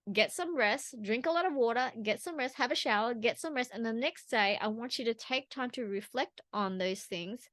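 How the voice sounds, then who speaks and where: A woman's voice: fairly high pitch, fairly bright tone, no echo. A woman talking straight to camera in a personal vlog, earnest and rambling, with restarts and asides. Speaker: vlogger.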